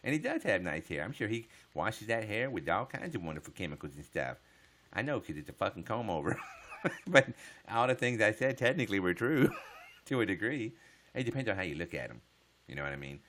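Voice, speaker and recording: Man, live stream chat, deep voice, lively pitch, joking, profane. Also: a little fast, a little hiss or hum. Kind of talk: casual live-stream chat answering viewers.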